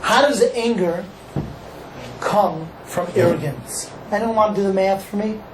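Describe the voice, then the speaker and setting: A male rabbi from Cleveland, Ohio, giving an animated Torah class and acting out dialogue for a live group. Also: high-pitched, measured pace. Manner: animated, acts out dialogue, asks the audience questions. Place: echoey room with a small audience. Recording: echoey room with faint noise.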